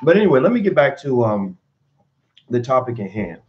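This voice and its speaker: With a brisk, sing-song, mid-range voice, a motivational vlogger in his 40s from Kentucky talks from his home computer on a livestream. He rambles and uses many fillers, and the sound is lo-fi.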